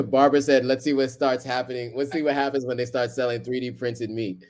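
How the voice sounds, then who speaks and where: A man's voice: medium pitch, steady tone, moderate pace, darkish tone. A man in his thirties hosting a live stream, chatting casually with lots of ums and easy laughter. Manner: laid-back, chuckling, many ums.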